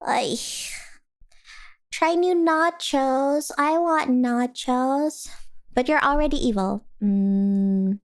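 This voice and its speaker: Speaking extremely slowly in a voice that sits high, a young woman streamer chats with her viewers. She reads their messages aloud, giggles a lot, and wanders from topic to topic.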